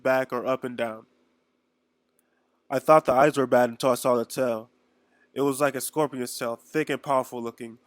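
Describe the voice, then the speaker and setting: Flat-voiced man reading a story aloud. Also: mid-range voice, no echo. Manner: reads plainly with small stumbles and restarts. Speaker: reader. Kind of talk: amateur read-along narration.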